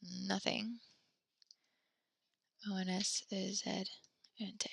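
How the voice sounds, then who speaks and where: A woman's voice: medium pitch, flat delivery, takes it slowly, gravelly, slightly rough, dry recording. A woman teaching a French class from home, upbeat and chatty as she spells out verb endings letter by letter for her students. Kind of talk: online class lesson.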